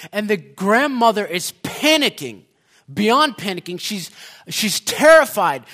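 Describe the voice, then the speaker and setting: A man preaching a sermon, telling a story with many fillers and restarts, then rising into loud, impassioned preaching. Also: high-pitched.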